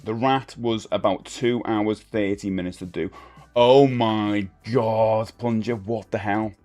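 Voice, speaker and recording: A man's voice: lowish voice, a little mellow. A middle-aged man hosting a livestream, chatting casually with viewers in a rambling, self-deprecating way full of fillers. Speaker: livestream host. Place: home streaming room. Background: faint music.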